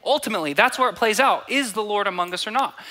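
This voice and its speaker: With a high-pitched, sharp-toned voice and a quick pace, a young man in his 20s to 30s delivers a sermon as a pastor. He reads from scripture, performs the quoted voices and repeats phrases for emphasis.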